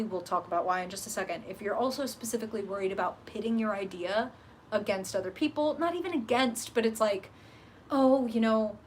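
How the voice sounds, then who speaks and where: Woman tarot reader on a live stream, mid-pitched, lively and casual, a faint hum behind her. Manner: animated, swearing, talks to chat viewers.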